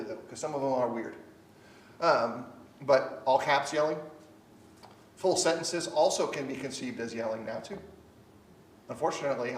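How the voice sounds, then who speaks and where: A man teaches a Bible study in a relaxed, conversational way, earnest and lively, and now and then slips into the voices of the people he quotes. He sounds a little distant from the mic. The room is echoey, with a faint hiss underneath. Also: medium pitch.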